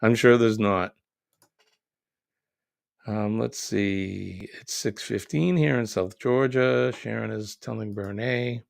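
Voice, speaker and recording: A middle-aged man with a low, gravelly voice chats casually on a live stream, reading viewers' comments and joking along with them. The sound is dry and close, with no room echo. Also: slow pace. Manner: chatty, joking, reads comments aloud.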